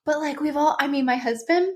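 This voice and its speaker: A woman in her thirties, an author and podcast guest, chatting casually with frequent laughter and quick agreement. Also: high-pitched, darkish tone.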